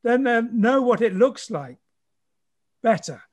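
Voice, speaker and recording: Male guest, teacher type, high pitch, thoughtful and explanatory. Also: lively intonation, slow. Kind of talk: casual explanatory conversation.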